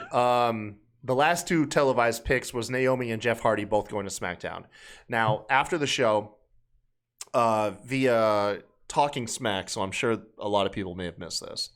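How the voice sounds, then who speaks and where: A man's voice: medium pitch, a little slow, a bit bright. Casual sarcastic male podcast co-host. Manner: sarcastic, loose and profane. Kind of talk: casual wrestling podcast chat.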